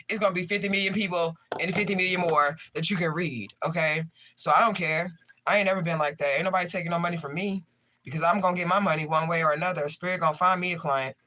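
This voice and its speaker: A man's voice: a little high, sharp tone. A man, a tarot reader, chatting casually and profanely to his livestream viewers.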